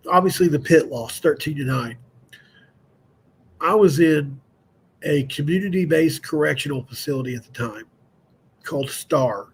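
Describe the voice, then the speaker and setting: A middle-aged man talks through a loose, digressive live-stream chat. His fairly high voice has a gravelly edge. He is candid and self-deprecating. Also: slight background noise. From West Virginia. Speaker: host of a fan show.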